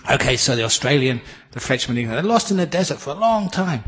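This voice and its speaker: A man with an English accent giving a Buddhist dharma talk, a gentle storyteller who laughs at his own jokes. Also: mid-range voice, sing-song, fairly quick, breathy edge. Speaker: Buddhist teacher.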